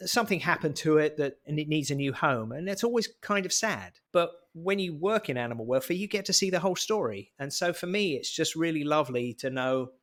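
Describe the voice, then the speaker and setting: A man's voice: fairly high pitch, expressive, a little fast, hardly any pauses, fairly bright tone. A man co-hosting a podcast, telling a story in a chatty, jokey way. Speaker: podcast co-host. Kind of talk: casual podcast chat.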